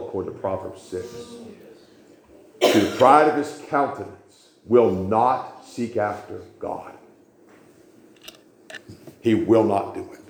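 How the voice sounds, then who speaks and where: A man's voice: medium pitch, roomy sound. A man preaching a sermon, telling stories and repeating phrases for emphasis.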